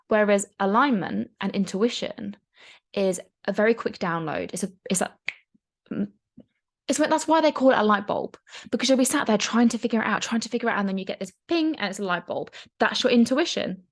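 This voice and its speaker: A young woman coaching in a casual, chatty talk, frank and quick to swear. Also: medium pitch, animated. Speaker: mindset coach.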